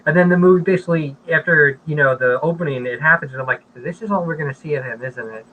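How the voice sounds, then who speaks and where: Bright-voiced guest co-host. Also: male voice, fairly high pitch, fast talker, slight background noise, rough recording. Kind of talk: casual movie review chat.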